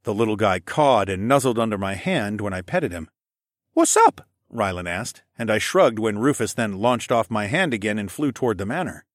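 A man narrating a first-person audiobook, with lively, playful character dialogue. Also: fairly low pitch, fairly quick, few pauses, dry recording, studio quality.

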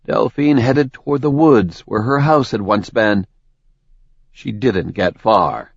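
A man narrating a dark fantasy novel in a measured, even reading. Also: fairly low pitch, vocal fry, breathy edge, no room sound, highs cut off. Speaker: audiobook narrator.

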